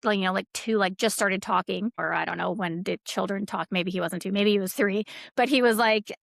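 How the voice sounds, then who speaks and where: A woman's voice: mid-range voice, fairly quick, creaky, a bit bright, no echo, clean studio sound. A woman guest on a podcast, telling stories in a rambling, casual way, with many fillers and quoted dialogue. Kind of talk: casual conversational storytelling.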